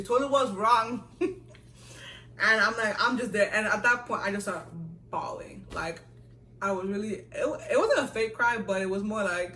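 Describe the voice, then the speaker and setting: A young woman from the US chats through a vlog Q&A, animated and laughing as she acts out voices. Her tone is bright and sharp. The echoey room and the distance from the mic come through, with faint noise behind. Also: medium pitch, normal speed. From United States. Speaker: vlogger. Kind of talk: casual storytelling Q&A.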